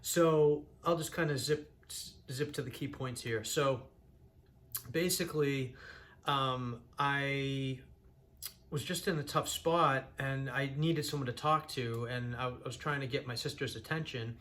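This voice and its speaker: A man's voice: mid-range voice, fairly even intonation, measured pace, a bit bright. Earnest young man telling his story. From Massachusetts, USA. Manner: earnest, rambling, with restarts. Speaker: channel host sharing his own story. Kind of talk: candid personal storytelling.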